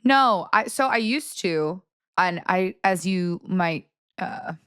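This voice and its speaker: A woman's voice: fairly low pitch, lively intonation, takes it slowly, fairly bright tone, clean tone, dry recording, studio quality. A woman co-hosting a podcast in upbeat casual chat, also working as a golf TV reporter.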